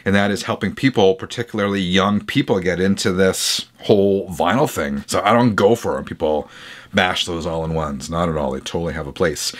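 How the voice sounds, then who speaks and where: A man's voice: low voice, brisk. A man hosting a casual show, reading viewer letters and reacting with chatty enthusiasm, correcting himself now and then. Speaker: host reacting to viewer music rooms.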